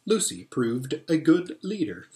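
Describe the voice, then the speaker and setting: A pastor reading a storybook aloud in an expressive, animated way, in a roomy-sounding space. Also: male voice, on the high side, unhurried. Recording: roomy echo.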